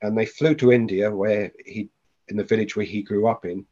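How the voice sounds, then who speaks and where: Husky man telling a story. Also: fairly low pitch, brisk, muffled recording. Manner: animated storyteller, acts out the voices he quotes. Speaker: podcast guest. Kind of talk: storytelling in a podcast interview.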